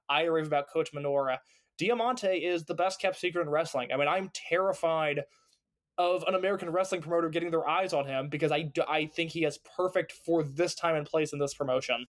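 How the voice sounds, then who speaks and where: A man co-hosting a podcast, talking enthusiastically and rambling, often restarting sentences. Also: on the high side. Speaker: podcast co-host. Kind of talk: casual chat, wrestling review.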